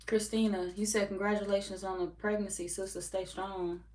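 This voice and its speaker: A woman's voice: mid-range voice, flat delivery, moderate pace, darkish tone. A woman running a live tarot stream who chats casually with viewers, swears freely and laughs often. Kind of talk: casual live-stream chat reading comments. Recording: roomy echo from far off mic, faint background noise.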